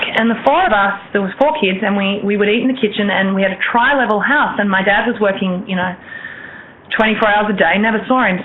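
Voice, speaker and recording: A woman in her thirties, a guest telling a personal story in a rambling way, full of restarts and fillers. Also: medium pitch. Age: 30s. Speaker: interview guest. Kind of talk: personal storytelling in a talk show. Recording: tinny phone-line audio with faint hiss.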